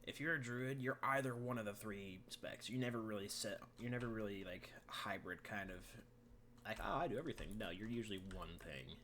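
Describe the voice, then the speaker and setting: A man's voice: on the low side, sharp tone, a little hiss or hum. A man co-hosting a casual gaming podcast, rambling and swearing freely. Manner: profane, rambling, quick reactions. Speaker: podcast co-host.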